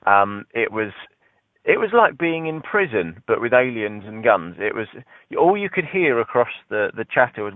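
A man's voice: medium pitch, moderate pace, dry recording. A man with a southern English accent, telling a self-mocking story in casual podcast chat. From Britain. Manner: wry, self-mocking, animated. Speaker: podcast co-host. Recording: tinny phone-line sound.

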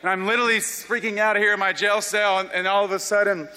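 A young man from South Carolina, telling his life story as an animated, self-deprecating testimony. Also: high-pitched, fast. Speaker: speaker giving a personal testimony. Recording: long reverb of a large hall.

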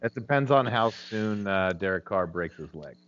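Deep-voiced swearing man, lo-fi call. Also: expressive, normal speed, a bit bright. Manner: swearing, blunt. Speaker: podcast co-host. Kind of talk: casual chat.

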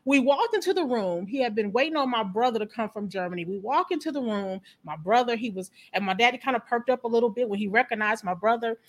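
High-voiced woman telling stories with emphasis. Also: quick pace, few pauses. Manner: animated, emphatic storyteller. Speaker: guest, founder and coach. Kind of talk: casual chat with personal stories.

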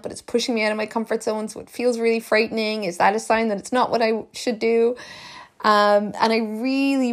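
A woman's voice: medium pitch, gravelly. A woman speaks in a podcast monologue as a life coach. Her delivery is earnest and encouraging, and she often says a phrase twice or three times for emphasis. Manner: emphatic, repeats phrases for effect.

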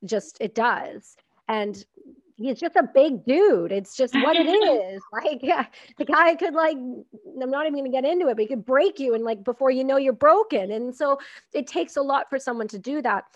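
A woman's voice: on the high side, normal speed, no room sound, highs cut off. A woman hosting a podcast, talking in an effusive, encouraging and frank way. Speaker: podcast host. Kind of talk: casual podcast chat.

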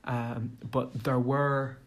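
A man's voice: mid-range voice, little pitch movement, extremely slow. A man giving a rambling casual monologue on running tabletop games, hesitant with many fillers and restarts. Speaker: tabletop game commentator.

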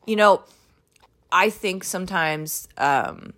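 A woman telling a story to her listeners in a casual, animated and exasperated way, swearing now and then and leaping into high exclamations. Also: slow.

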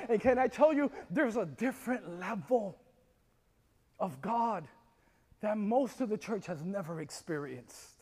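High-voiced impassioned male preacher in a hall. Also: moderate pace. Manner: impassioned preaching with rising shouts and call-and-response. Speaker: pastor. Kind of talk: sermon.

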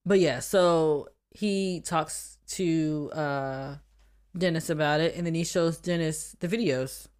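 A woman's voice: low-pitched, slow, darkish tone, clean tone. A woman co-hosting a casual podcast, animatedly retelling film scenes and laughing often. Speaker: podcast co-host. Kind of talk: casual film-discussion chat.

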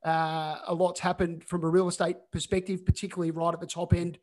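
Male host, high-pitched, chatty and filler-heavy, on a video call. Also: little pitch movement, a little fast, a little mellow. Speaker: podcast host. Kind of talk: casual video-call chat.

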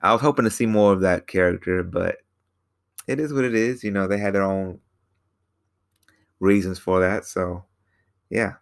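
Casting: low-voiced man with a gravelly edge, casual rambling film recap. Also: normal speed, long pauses. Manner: rambling, repeats himself, many fillers. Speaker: film reviewer.

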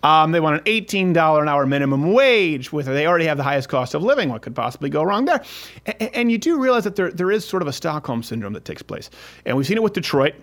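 A man's voice: a little high, sing-song, fast talker, fairly bright tone. A man hosting a casual political talk show, talking in a sarcastic, rambling way with frequent restarts. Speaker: podcast host.

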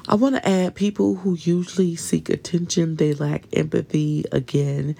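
A woman's voice: lowish voice, level tone, normal speed, creaky, noisy background. A woman hosting a casual solo podcast, chatting informally and talking straight to her listeners. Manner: chatty and informal, with many fillers and asides to listeners. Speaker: podcast host.

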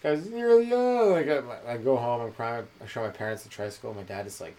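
A man, a stand-up comedian rambling through a solo comedy podcast and jumping into loud voices for the people he quotes. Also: mid-range voice, animated, fast talker, hardly any pauses. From Canada.

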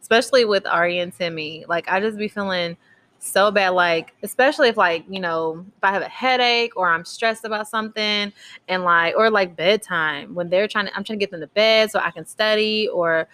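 A woman's voice: mid-range voice, moderate pace, fairly bright tone. A woman, chatting candidly as a podcast co-host and telling stories with a laugh. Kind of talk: casual chat.

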